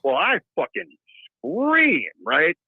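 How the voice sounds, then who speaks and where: A man telling a wild story in a casual, profane, animated way over a remote call. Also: medium pitch, moderate pace, no room sound. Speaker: guest. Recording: tinny phone-like line, dry.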